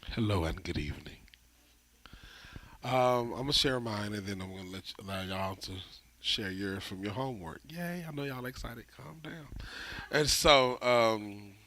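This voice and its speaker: A man's voice: on the low side, expressive, moderate pace, pushed and bright. A man opening a church group session and sharing his own fault in a loose, joking way with many fillers.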